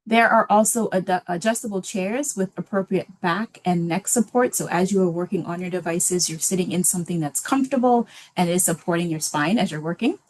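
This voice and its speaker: A woman's voice: on the low side, a little fast, few pauses. Lady giving a library webinar, laid back, lots of ums. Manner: relaxed, many filler ums. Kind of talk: casual presentation.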